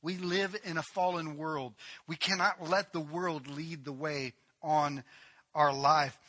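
A man delivers a sermon in a high, piercingly bright voice. He stacks phrase upon phrase in rhetorical lists, surges into near-shouted emphasis, then falls to a low hush. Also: steady tone, takes it slowly. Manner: impassioned preaching, swinging between loud emphatic build-ups and quiet drops. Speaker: pastor.

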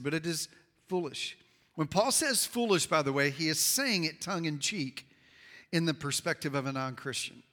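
A man with a high, bright voice delivers a sermon in a church, sinking to low, quiet emphasis and then climbing loud and high at his peaks. His voice carries through the sanctuary's long reverb. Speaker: pastor. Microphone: handheld or wireless mic.

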